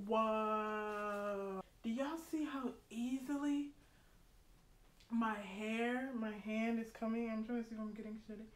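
A young woman vlogger chatting excitedly to her viewers, slangy, and quick to laugh. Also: a little high. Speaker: beauty vlogger. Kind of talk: casual unboxing chat to viewers. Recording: roomy echo, faint noise.

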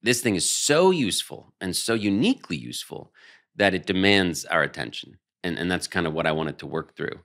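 Deep-voiced man, earnest interview guest. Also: animated, fairly quick, gravelly, fairly bright tone. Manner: earnest, emphatic, many restarts. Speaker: interview guest, human rights strategist. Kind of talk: conversational interview.

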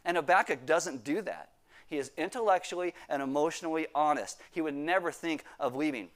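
Guy preaching a sermon, fairly high voice, earnest, jumps up loud when he acts out the quotes. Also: brisk. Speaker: pastor.

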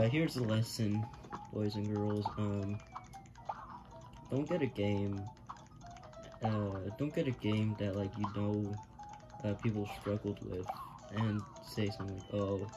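Very deep-voiced woman gamer. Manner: rambling, muttering, self-mocking, swears when failing. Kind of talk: casual gameplay commentary. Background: game music.

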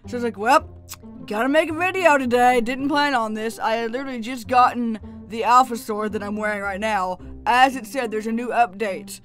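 A woman giving casual gameplay commentary, chatty and excitable with frequent laughs, her voice still groggy and lower than usual from just waking up. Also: normal speed, faint music behind. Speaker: gaming YouTuber.

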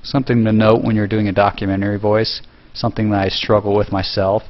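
A man casually talking through a tutorial step by step, relaxed, with fillers and self-corrections. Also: fairly low pitch, quick pace, highs cut off. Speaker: video tutorial host. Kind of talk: casual screen-recorded tutorial.

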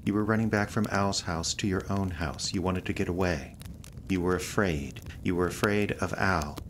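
An actor playing a persistent male questioner in a radio play, pressing and probing in a measured way. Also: sits low, a little hiss or hum, lightly acted. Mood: insistent.

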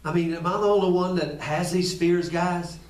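Speaking at normal speed in a high, a little mellow voice with fairly even intonation, a man preaches as pastor, talking straight to his congregation and repeating phrases in a conversational style. The room is echoey and he's far from the mic.

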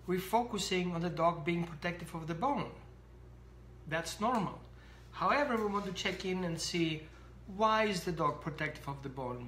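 A dog trainer giving an animated explanatory talk to camera, acting out little scenes. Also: mid-range voice, echoey room, a little hiss or hum.

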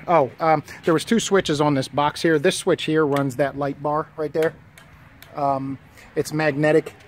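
A man's voice: mid-range voice, slight background noise. A man giving a casual walkaround of his work trailer outdoors, rambling and matter-of-fact with many fillers. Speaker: property preservation worker.

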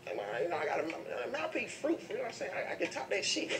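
A man rattles off wild, profane stories at speed, his pitch jumping all over as he laughs through them. He sounds fairly high and set back from the mic, in an echoey space with a crowd chattering behind him. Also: wildly swooping pitch, quick pace, far from the mic. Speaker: interview guest. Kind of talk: comedic street interview storytelling.

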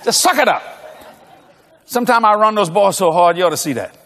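A man's voice: high-pitched, animated, fairly quick, pushed and bright. An older man preaching a comedic sermon, telling stories and acting out dialogue with bursts of laughter. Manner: storytelling with acted dialogue and frequent laughter. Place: large church auditorium. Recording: long echo of a large church hall.

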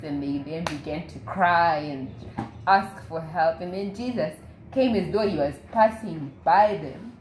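A woman's voice: low-pitched, measured pace, a little mellow, a little hiss or hum. A woman leading a Bible study, retelling a story casually and acting out the quoted voices. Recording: echoey room, faint ambience.

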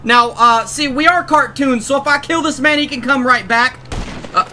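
Give me a young man narrating his gameplay in a high, bright, lively voice. He talks with excitable energy and often breaks into shouts and laughs. A faint hiss sits under the voice. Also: moderate pace. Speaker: gaming YouTuber. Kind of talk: gameplay commentary.

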